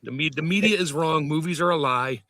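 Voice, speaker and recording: A man's voice: fairly high pitch, fairly quick, gravelly, pushed and bright, dry recording. A man with a New Jersey accent bantering on a podcast, cracking jokes. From New Jersey, USA. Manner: joking, wisecracking.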